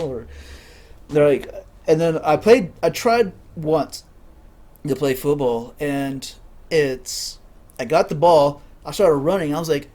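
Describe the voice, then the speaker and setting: Man, high voice, slow drawl, rambling comic storyteller, laughs at own jokes. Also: animated, a little mellow. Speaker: comedian.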